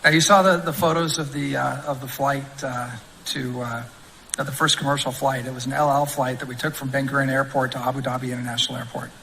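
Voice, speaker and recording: A man's voice: medium pitch, flat delivery, quick pace, creaky, sharp tone, in a large hall, a little hiss or hum, rough recording. A man recounting a story from a speech, with frequent restarts, played as a recorded clip. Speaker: former government official. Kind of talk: anecdote at a speech.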